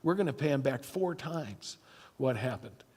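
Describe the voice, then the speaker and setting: A male pastor delivering a sermon, telling a scripture story with emphatic stretches that fall to a hushed tone. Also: medium pitch, animated, moderate pace, husky. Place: church sanctuary. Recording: church hall reverb.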